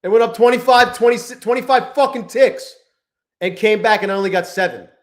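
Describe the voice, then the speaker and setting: A livestreaming futures trader with a fairly high voice narrates his trades at a fairly quick pace, swearing in nearly every sentence. Frustrated and angry, he mutters low and bitter, then shouts at the chart when a trade turns against him.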